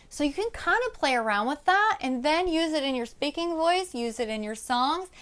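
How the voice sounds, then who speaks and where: A woman voice coach giving a casual, animated lesson to camera, often checking in with "right?". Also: high voice, smooth. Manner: breaks into loud demonstrations of vocal technique. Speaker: voice and music coach.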